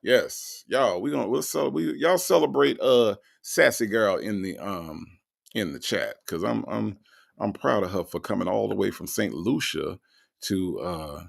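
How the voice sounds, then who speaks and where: Gravelly-voiced man, livestream host, animated and slangy, lively swings in pitch. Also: moderate pace. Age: 40s. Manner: animated, loud bursts, laughing, slangy. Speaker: livestream host reading chat. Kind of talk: casual livestream commentary.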